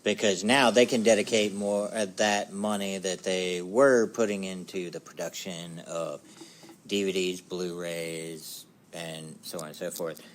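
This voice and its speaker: A man co-hosting a casual talk show, giving measured opinions with hedges. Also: low-pitched, steady tone, slight background noise. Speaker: podcast co-host. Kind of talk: casual chat.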